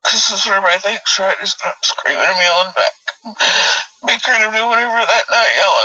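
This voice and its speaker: A woman's voice: mid-range voice, moderate pace, pushed and bright, dry recording, far from the mic, rough recording. A woman giving raw, tearful personal testimony, swearing often.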